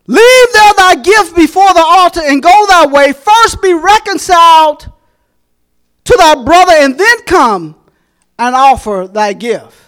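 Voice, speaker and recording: Very high-voiced middle-aged man preaching. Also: lively intonation, unhurried. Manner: fervent, rising to shouts; folksy, jokes with the congregation. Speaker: pastor. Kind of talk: sermon.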